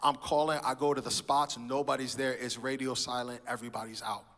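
In a level, mid-range voice that moves a little fast, this man delivers his testimony like a sermon inside a church. The tone is bright and forward, echoing with the long reverb of a big hall, as he animatedly voices the people he quotes.

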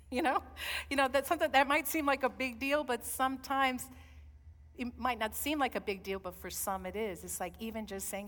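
A woman preaching a sermon, swinging from loud calls to soft, intimate asides. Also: fairly high pitch, normal speed. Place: church. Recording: long hall reverb.

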